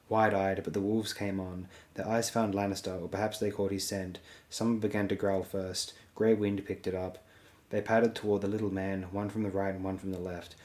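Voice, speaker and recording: Low-voiced guy narrating an audiobook, steady measured reading. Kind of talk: audiobook reading voicing all figures.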